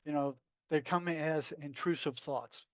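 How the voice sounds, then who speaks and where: A man's voice: a little high, measured pace, no echo. A man, a psychotherapist guest, telling stories in a blunt, emphatic way. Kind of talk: conversational storytelling.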